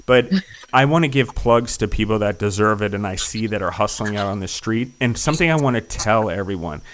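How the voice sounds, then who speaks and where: A middle-aged man hosting a podcast, chatting enthusiastically and rambling with fillers, his voice going hoarse. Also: lowish voice, a little fast, slight background noise. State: losing his voice. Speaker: podcast host. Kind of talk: casual interview chat.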